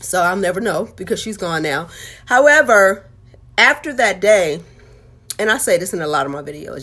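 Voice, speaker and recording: A woman's voice: mid-range voice, expressive, normal speed, a bit bright. A woman and author telling her life story in a candid, heartfelt, conversational way. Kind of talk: candid personal testimony.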